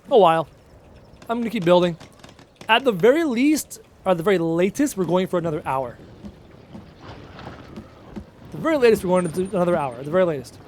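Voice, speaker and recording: High-voiced man streaming a game. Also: slight background noise. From Canada. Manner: emphatic and repetitive, answering chat aloud. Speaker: gaming streamer. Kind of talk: casual live-stream chat while playing.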